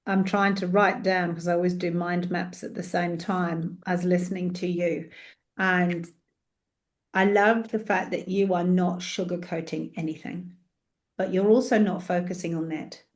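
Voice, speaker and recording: A woman's voice: fairly low pitch, fairly even intonation, unhurried. A woman host talking passionately in an interview from her office, acting out her own prayers as she speaks. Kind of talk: animated faith interview chat.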